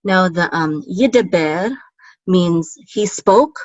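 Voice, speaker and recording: Lowish woman's voice teaching a lesson, slow and patient, sounds out every syllable, dry close mic. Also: expressive, no room sound, dull audio. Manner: patient, explains slowly, repeats syllables and corrects herself. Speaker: Hebrew teacher. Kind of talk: word-by-word language lesson.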